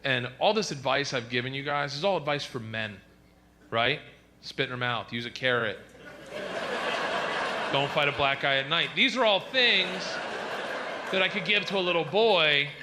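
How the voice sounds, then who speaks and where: A male stand-up comedian telling brash, animated stories with big shouted punchlines, recorded live on a comedy stage through a handheld stage mic. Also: on the high side, normal speed, pauses often, slight background noise. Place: comedy stage in front of an audience.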